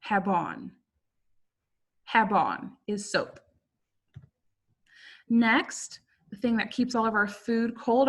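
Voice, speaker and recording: A young woman teaching a simple online language lesson to children, speaking patiently and repeating each word slowly. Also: a little high, fairly bright tone. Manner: patient, slow repetition of words. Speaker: Spanish teacher.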